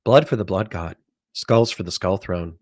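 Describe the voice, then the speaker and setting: A man putting on the soft voice of a calm male TV painting instructor in whispered role-play, slow and gentle. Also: sits low, no room sound, voice pushed down. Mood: soothing.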